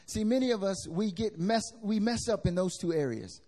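This male pastor has a high voice and preaches a lively sermon at a moderate pace. Speaking to a congregation in a church hall, he swings widely in pitch and volume and uses casual slang.

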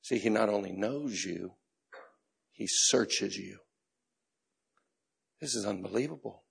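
A middle-aged man pastor preaching a sermon, telling a personal story with laughs and bursts of shouting. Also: on the low side, slow, vocal fry, slightly rough. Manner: animated storytelling, laughing, shouting in retold moments.

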